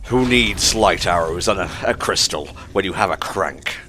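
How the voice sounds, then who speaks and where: A man's voice: deep voice, animated, normal speed, bright, forceful tone, slight background noise. A young man playing a video game and chatting casually, with dry, jokey asides. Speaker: gamer playing through the game. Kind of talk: casual let's play commentary.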